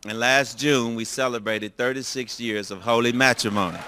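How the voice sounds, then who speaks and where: An older man preaching, telling a personal story in a lively way and acting out the dialogue. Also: medium pitch, normal speed, background noise. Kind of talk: storytelling sermon.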